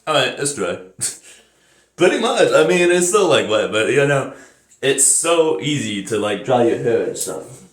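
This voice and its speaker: A man's voice: mid-range voice, big pitch swings, unhurried, echoey room. A young American man rambling casually in a vlog, swearing freely and laughing at his own jokes. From United States. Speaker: vlogger. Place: bathroom shower, then indoors.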